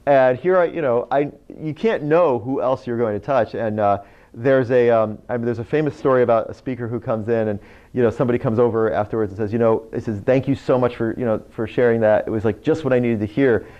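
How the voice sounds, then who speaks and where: A man's voice: medium pitch, fast. A man who hosts an internet radio show, giving a live talk to a speakers' group and telling stories full of "you know" and "right?". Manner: animated storyteller, lots of "you know" and "right?". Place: meeting room. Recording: dull lo-fi recording.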